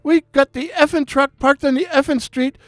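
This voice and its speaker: A man voicing a foul-mouthed young Irish bartender in an Irish accent, ranting and swearing without pause. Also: very high voice, fairly even intonation, no room sound, studio quality, voice pushed up. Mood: exasperated rant. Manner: ranting, swearing constantly in minced words.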